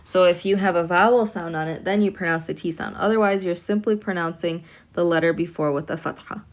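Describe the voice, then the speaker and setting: A woman teaching an online language lesson, talking patiently, repeating words slowly and checking in with "okay?". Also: lowish voice. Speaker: Arabic teacher.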